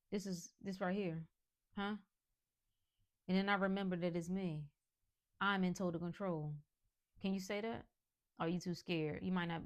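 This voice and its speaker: Woman podcast host preaching mindset stuff, punchy and colloquial, lowish voice. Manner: emphatic, preachy, colloquial with laughs. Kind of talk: motivational monologue.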